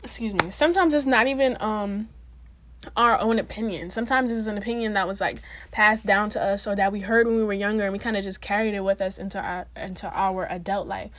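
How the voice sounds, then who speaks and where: A young woman talks casually to her camera, chatty and animated, and her speech is loose with slang and fillers. Her voice sits at a middle pitch, and the sound is close and dry with no room around it. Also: fairly quick, dry recording. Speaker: vlogger.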